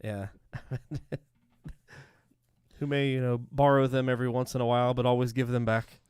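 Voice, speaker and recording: A man co-hosting a casual comedy podcast, easygoing and quick with a crude joke or a short agreement. His pitch sits in the middle of the range. The sound is dry and close. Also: level tone, a little mellow, clear, resonant tone, no echo. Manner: laid-back, chimes in with jokes and short agreements. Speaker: podcast co-host.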